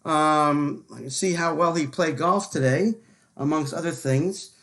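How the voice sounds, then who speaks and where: A man's voice: a little high, fairly bright tone. A man hosting a live sports talk show, chatting casually with many fillers and repeated words. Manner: filler-heavy, repeats words, quick to laugh. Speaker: podcast host.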